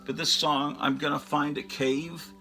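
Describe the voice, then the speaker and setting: A man's voice: a little high, flat delivery, measured pace, over music. A man hosting a show, chatting casually and enthusiastically about his record collection in a rambling way, often trailing off into fillers.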